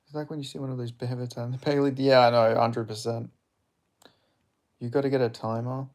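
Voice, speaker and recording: Gravelly young man streaming fight commentary. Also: mid-range voice, little pitch movement, brisk, a little mellow. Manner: chatty, reacting to strikes, reading viewer chat aloud; blunt, swears freely. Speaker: streamer hosting a live fight watch-along.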